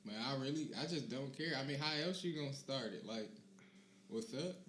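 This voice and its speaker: Young man, podcast co-host, rambling casual chat, trailing off softly, echoey room, faint hiss. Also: medium pitch, fast talker. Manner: laid-back, rambling, trails off quietly.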